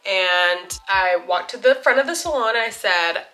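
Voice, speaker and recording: Woman vlogger doing her makeup and spilling a story, bright clear voice, says like constantly. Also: mid-range voice, moderate pace, few pauses. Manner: chatty, lots of "like", animated retelling. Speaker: beauty vlogger.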